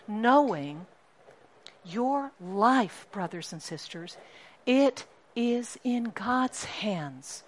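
A woman preaching a sermon to a congregation, animated and emphatic, often asking the listeners questions and repeating key lines. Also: mid-range voice, slow pace, a little hiss or hum. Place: church congregation.

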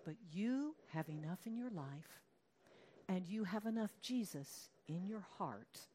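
A woman's voice: mid-range voice, expressive, takes it slowly, mellow, a little hiss or hum. A woman preaching a conversational sermon, asking her listeners questions and acting out quoted lines in a raised voice.

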